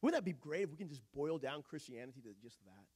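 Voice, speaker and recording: Pastor guy preaching, high voice that bounces all over, keeps cracking jokes. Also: quick pace, breathy edge. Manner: animated, joking, conversational preaching. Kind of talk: sermon.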